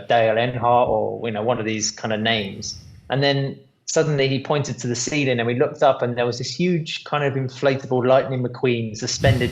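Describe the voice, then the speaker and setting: A man's voice: medium pitch, rough recording. A British man who is a guest on a podcast, telling long anecdotes in a rambling way with plenty of fillers. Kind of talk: casual podcast chat.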